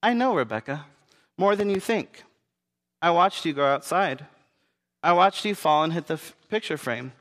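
A man reading as a patient, loving father with a calm, reassuring way of speaking. The voice sits a little high for a man and trails a long reverb. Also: moderate pace, pauses often. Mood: tender.

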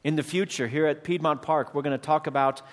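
A man's voice: a little high, steady tone, fast. A man preaching a sermon as pastor, addressing his congregation and calling out for amens. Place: church sanctuary. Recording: long hall reverb.

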